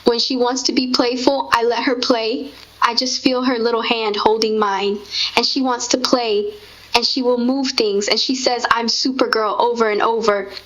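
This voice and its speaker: A woman's voice: fairly high pitch, fairly bright tone. A woman speaking as a grieving mother in a tender, heartfelt conversation. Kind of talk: intimate spoken conversation. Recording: dull lo-fi recording.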